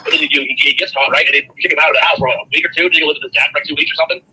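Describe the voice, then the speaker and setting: Very fast, bright-voiced rambling man. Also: on the high side, fairly even intonation, slightly rough, poor audio. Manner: rambling, filler-heavy, repeats words. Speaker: friend in a recorded private call. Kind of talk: casual private conversation.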